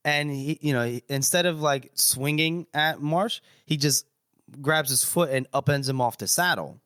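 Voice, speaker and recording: A man's voice: a little high, moderate pace, fairly bright tone, clean tone, dry recording, clean studio sound. A man casually retelling a story on a podcast in a loose, rambling way, with crude swearing. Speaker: podcast co-host recapping chapters.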